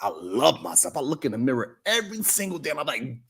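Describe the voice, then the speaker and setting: A man hosting a podcast, delivering a mocking roast monologue that swings from loud shouts to low mutters. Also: big pitch swings, fast, creaky, hardly any pauses, breathy edge. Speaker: podcast host.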